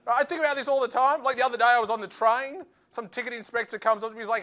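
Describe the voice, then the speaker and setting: A man doing a stand-up routine, animated and acting out voices in quick asides. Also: very high-pitched. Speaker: stand-up comedian.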